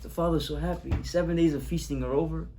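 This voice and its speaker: Rabbi guy telling a story in a talk, high voice, keeps repeating himself. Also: quick pace, noisy background. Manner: animated storyteller, repeats phrases. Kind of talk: sermon storytelling.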